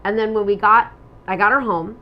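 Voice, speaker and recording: A middle-aged woman co-hosting a relationship talk show, telling personal stories with animated energy and acting out the lines she quotes. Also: mid-range voice, fairly quick, dull audio. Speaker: relationship podcast co-host. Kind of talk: casual chat.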